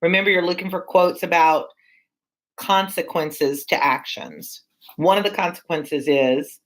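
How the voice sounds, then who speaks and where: Slightly low-voiced woman teacher. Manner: explains, asks the class questions. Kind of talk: classroom read-along lesson.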